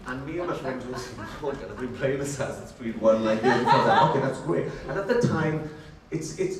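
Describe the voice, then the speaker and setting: A man telling animated, chatty stories at a convention Q&A panel, often laughing as he talks. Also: medium pitch. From Wales. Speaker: actor, panel guest. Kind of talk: convention Q&A storytelling. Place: large convention hall. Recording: very echoey hall, distant, faint noise.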